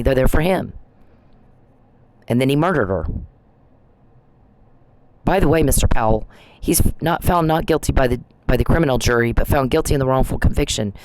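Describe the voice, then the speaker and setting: Guy venting on his vlog, mid pitch, calling someone out hard. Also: darkish tone, slight background noise, poor audio. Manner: accusatory, confrontational, talks straight to the person he accuses. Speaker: vlogger. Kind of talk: monologue video addressing an absent person.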